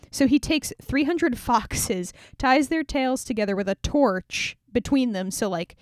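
A woman's voice: fairly high pitch, expressive, measured pace, hardly any pauses, darkish tone, dry recording, clean studio sound. Chatty, irreverent young woman storyteller. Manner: irreverent, chatty, sarcastic asides. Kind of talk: casual retelling of a scripture story.

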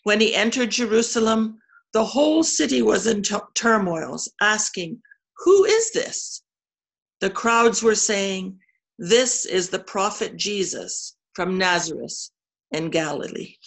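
Slow, gravelly woman reading scripture. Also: mid-range voice, fairly bright tone. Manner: slow, careful reading with small slips. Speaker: scripture reader.

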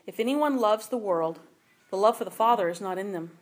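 A woman's voice: medium pitch, expressive, fairly quick. Woman giving a conversational sermon. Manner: conversational, checks in with listeners. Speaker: Bible teacher.

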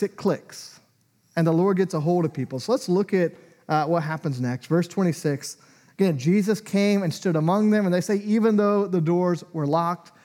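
Pastor, male, high voice, chatty sermon delivery, acts out quotes. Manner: conversational and animated, acting out quoted lines.

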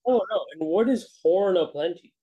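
A man's voice: high voice, lively intonation, normal speed, highs cut off. A man co-hosting a casual chat over a video call, blunt and swearing as he rambles. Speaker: podcast co-host.

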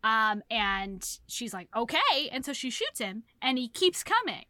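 Bright animated woman podcaster, high voice, swears a lot, does the characters' voices. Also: measured pace, no echo. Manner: animated storytelling, acting out characters with lots of swearing and laughter. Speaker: podcast co-host. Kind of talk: casual book chat.

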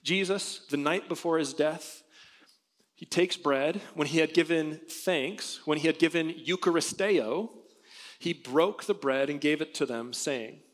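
A man delivers a sermon in an earnest, conversational manner, reading scripture aloud and pressing the congregation with rhetorical questions. His voice sits a little higher than most men's, and long reverb from a church sanctuary trails after his words. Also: unhurried. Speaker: pastor.

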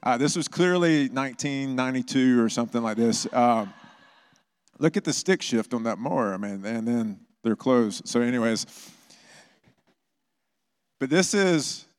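A middle-aged man pastor giving a conversational sermon, telling personal stories with animated bursts. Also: mid-range voice, a little slow, smooth.

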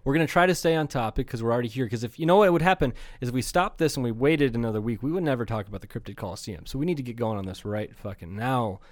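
A man's voice: medium pitch, rapid-fire, few pauses, a little mellow, no echo, studio quality. A man co-hosting a comedy podcast, chatting casually and rambling, swearing freely. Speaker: podcast co-host. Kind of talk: casual chat.

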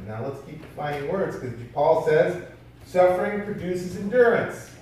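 A man's voice: high voice, expressive, moderate pace, darkish tone, slight background noise. A man preaching a sermon in a conversational storytelling way, firing rhetorical questions at his listeners. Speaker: pastor. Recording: very echoey hall from far off.

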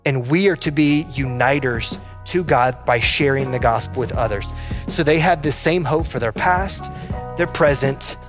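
A man's voice: medium pitch, unhurried, soft background music. A man preaching a sermon as a pastor, earnest and pleading, asking the congregation rhetorical questions. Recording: long hall reverb.

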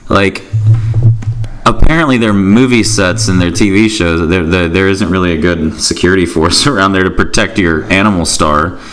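A man co-hosting a podcast, cracking jokes and reacting quickly in casual chat. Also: deep voice, a bit bright. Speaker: podcast co-host.

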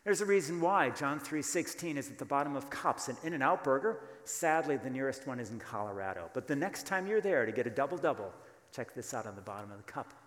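A man's voice: medium pitch, expressive, a little fast, fairly bright tone, roomy sound, in a large hall. A man preaching a sermon as pastor, emphatic and full of rhetorical questions, calling on the congregation to answer.

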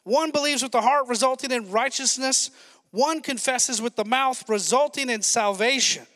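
Excited high-voiced male pastor preaching. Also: in a large hall. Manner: excited, fast-talking preaching with asides to the congregation. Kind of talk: sermon.

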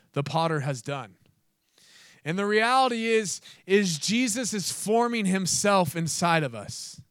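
A man's voice: high voice, a bit bright, smooth, dry recording, clean studio sound. A man preaching a sermon, earnest, with playful asides and laughing at his own jokes.

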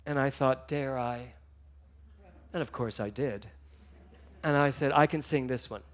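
A man giving a sermon, telling stories with emotion, moving between hushed and loud passages. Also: mid-range voice, unhurried. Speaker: minister.

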